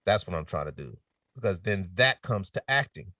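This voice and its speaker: Lively, low-voiced man telling stories. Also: normal speed, no room sound, clean studio sound, far from the mic. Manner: animated storytelling with quoted voices, drops to a near whisper to demonstrate. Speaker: podcast guest. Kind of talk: casual chat.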